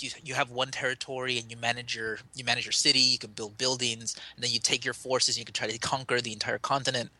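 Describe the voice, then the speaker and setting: Bright, rambling man on a podcast. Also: medium pitch. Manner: rambling, self-correcting, enthusiastic. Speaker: podcast co-host. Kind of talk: casual chat about games.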